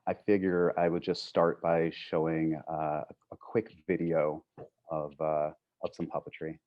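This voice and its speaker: A man's voice: extremely low pitch, flat delivery, measured pace, narrow, tinny audio. A man from Wisconsin, a guest artist, thanking his hosts and opening his presentation. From Milwaukee, Wisconsin.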